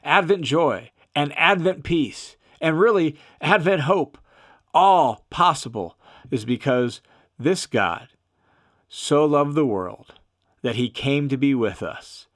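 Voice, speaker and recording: A man's voice: medium pitch, takes it slowly, fairly bright tone. Earnest man giving a devotional talk. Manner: earnest, emphatic, reads scripture aloud. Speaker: podcast host and Bible teacher. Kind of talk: devotional podcast reflection.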